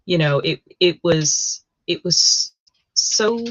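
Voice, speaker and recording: A woman's voice: fairly low pitch, lively intonation, slow pace, no room sound. American woman chatting, lots of ums, kinda dull lo-fi sound, dry. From United States. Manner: hesitant, many ums and restarts. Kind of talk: casual chat.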